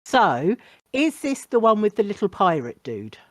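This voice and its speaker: A woman's voice: medium pitch, sing-song, measured pace, dry recording. Blunt, sweary young woman. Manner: blunt, sweary, laughs often. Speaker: podcast guest. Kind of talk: casual podcast chat.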